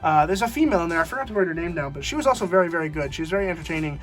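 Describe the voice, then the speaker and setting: A man's voice: fairly high pitch, animated, rapid-fire, soft background music. A young man giving a casual spoken movie review, rambling with many fillers and restarts.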